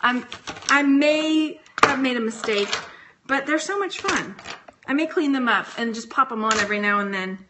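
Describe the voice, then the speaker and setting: A woman's voice: sits high, animated, normal speed, background noise. A woman from Texas chatting casually on a phone livestream, giggly and rambling as she talks to viewers. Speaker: reseller vlogger.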